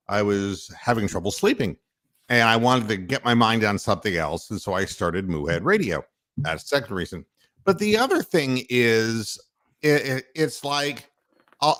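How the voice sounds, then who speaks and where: Animated man hosting sports talk. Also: on the low side. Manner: animated storyteller, mock-outraged, laughs often. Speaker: podcast host.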